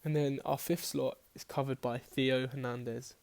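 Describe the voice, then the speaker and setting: A man's voice: medium pitch, little pitch movement, moderate pace, vocal fry, darkish tone, smooth. A man casually talking through his fantasy football team picks, rambling and correcting himself as he goes. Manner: chatty, rambling, self-correcting, swears casually. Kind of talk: casual team-selection talk.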